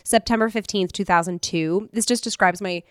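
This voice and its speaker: A woman's voice: medium pitch, moderate pace, clean tone, no echo, studio quality. A woman in her thirties co-hosting a chat podcast, rambling and giggly as she tells stories and reads old diary entries aloud. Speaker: podcast co-host.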